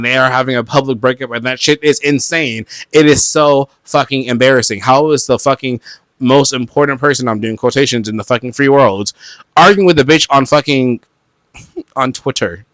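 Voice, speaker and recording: A man from Brooklyn hosting a solo podcast, talking in a profane, animated way with loud outbursts and laughter. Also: medium pitch, no room sound. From Brooklyn, New York. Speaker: podcast host. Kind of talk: solo casual podcast chat.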